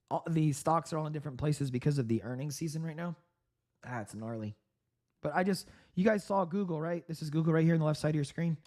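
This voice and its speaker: A man hosting a live trading stream, giving upbeat market commentary with frequent laughs, clearing his throat and coughing from a sore throat. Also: a little high, darkish tone. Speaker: trading livestream host.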